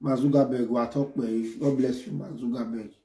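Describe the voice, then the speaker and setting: A man with a Nigerian accent giving a mocking, insulting rant, switching between loud jeers and low muttering. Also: fairly even intonation, fairly quick, roomy sound. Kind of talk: ranting online commentary.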